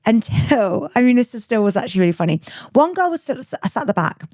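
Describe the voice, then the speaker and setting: Casting: young woman guest, quick, highish, animated anecdote, dry close sound. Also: no echo. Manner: lively storyteller, acts out dialogue, fillers. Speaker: guest comedian. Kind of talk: casual podcast chat.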